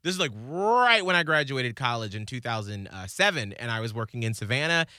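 Bright, crisp-voiced man in casual podcast chat. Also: medium pitch, big pitch swings, dry recording, clean studio sound. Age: 30s. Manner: chatty, reminiscing, quick to laugh. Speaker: radio morning show co-host.

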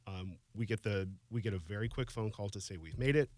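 A man in his forties shares a personal story in casual chat, softly and haltingly, with emotion close to the surface. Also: on the low side, no room sound. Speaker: guest.

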